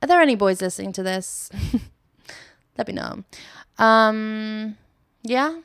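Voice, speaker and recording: Young woman, British accent, casual podcast host, giggly, sweary, smooth clear voice. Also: medium pitch, animated, slow pace, fairly bright tone, dry recording, studio quality. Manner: giggly, sweary, chatty storytelling. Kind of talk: casual solo podcast chat.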